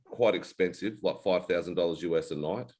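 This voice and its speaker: A middle-aged Australian man with a very low voice hosts an unscripted chat among friends. He spins loose, blunt yarns and swears without a second thought. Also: brisk. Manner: relaxed storyteller, blunt, swears freely. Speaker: podcast host, ex-Navy. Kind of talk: casual chat.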